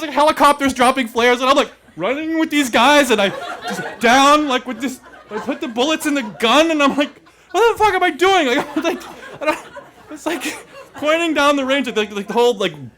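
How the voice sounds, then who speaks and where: A very high-pitched man tells a personal story live to an audience, animated and laughing as he talks, leaning heavily on casual fillers.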